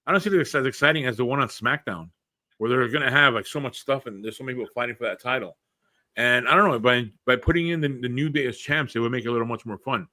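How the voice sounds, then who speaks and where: A man co-hosting a casual wrestling podcast, chatty and quick to laugh, leading each segment. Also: mid-range voice, pushed and bright. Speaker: podcast co-host. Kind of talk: casual wrestling predictions chat.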